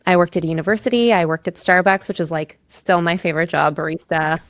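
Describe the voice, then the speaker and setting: A woman's voice: fairly low pitch, fairly even intonation, quick pace, no echo, studio quality. A woman from Canada in her thirties, a lawyer and podcast guest, telling personal stories in candid, emotional casual chat, full of "like". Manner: candid, emotional storytelling with frequent "like".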